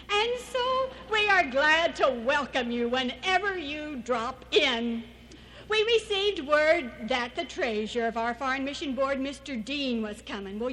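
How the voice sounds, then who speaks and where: A woman's voice: high voice, fairly bright tone, slight background noise, poor audio. A woman giving an anecdotal church talk as a missionary speaker, storytelling and acting out the people she quotes.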